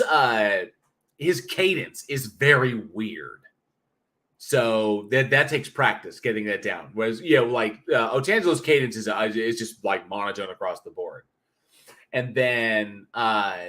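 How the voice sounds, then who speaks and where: A man hosting a livestream, reading chat comments and ranting bluntly with plenty of swearing. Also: on the low side. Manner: blunt, profane, animated ranting. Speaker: livestream host.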